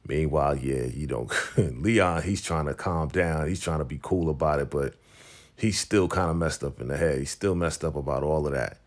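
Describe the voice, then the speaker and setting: A man's voice: extremely low pitch, moderate pace. A man casually recapping a TV episode, retelling scenes in slang and briefly voicing the characters' lines. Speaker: TV recap reviewer.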